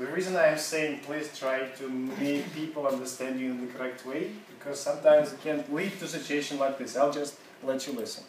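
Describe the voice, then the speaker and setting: A male English teacher leading a classroom seminar, conversational and quizzing his students. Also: a little high. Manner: conversational, asks the class, laughs often. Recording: echoey classroom from far off, noisy.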